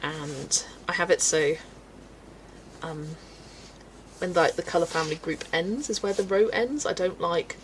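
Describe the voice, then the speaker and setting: A woman's voice: on the low side, a little slow, a little hiss or hum, poor audio. A woman from England's West Country, chatting casually and laughing often as she reads out viewer comments while colouring on a livestream. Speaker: livestream host.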